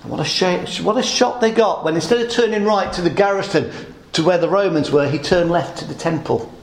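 Animated preacher in an echoey hall. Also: male voice, high-pitched, a little fast, creaky. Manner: animated, rhetorical questions, acts out crowd shouts. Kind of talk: sermon.

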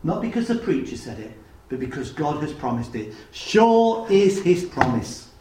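A man's voice: fairly high pitch, big pitch swings, moderate pace, dark tone, reverberant, a little hiss or hum, poor audio. A man preaching a sermon in an earnest, emphatic way, asking his listeners rhetorical questions.

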